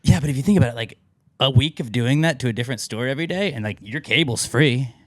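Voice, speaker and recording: A man's voice: mid-range voice, fast, no echo. A man co-hosting a podcast, chatting casually and telling rambling anecdotes full of fillers. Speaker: podcast co-host. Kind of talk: casual chat.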